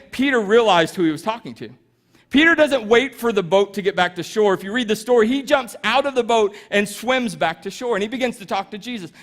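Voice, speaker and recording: High-voiced pastor telling a Bible story. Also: male voice, a bit bright. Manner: conversational storytelling, self-deprecating asides. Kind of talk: sermon.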